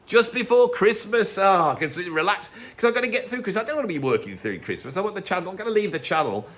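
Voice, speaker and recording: A middle-aged man with a Birmingham accent chats to camera in a sarcastic, animated vlog. His voice sits a little high for a man, and his pitch swings widely as he talks. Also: racing. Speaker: musician and YouTuber. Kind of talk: casual vlog talking to camera.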